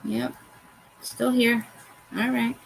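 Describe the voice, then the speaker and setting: A woman with a fairly high, gravelly voice speaks slowly and flatly while hosting a crafts tutorial. She chats casually, talks to herself as she works, and pokes fun at her own mistakes. The audio is poor, with a little hiss or hum.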